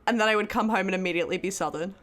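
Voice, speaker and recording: A young Australian woman co-hosting a podcast, telling stories in a casual, animated way and laughing often. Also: mid-range voice, rapid-fire. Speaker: podcast co-host. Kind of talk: casual chat.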